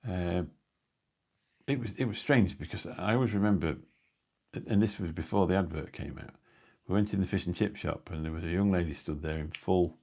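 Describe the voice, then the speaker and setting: Hosting a live stream from indoors at home, a middle-aged man with a low, gravelly, darkish voice talks at normal speed. His casual chat rambles through anecdotes peppered with dry asides, heard through a new phone or mic on a live stream.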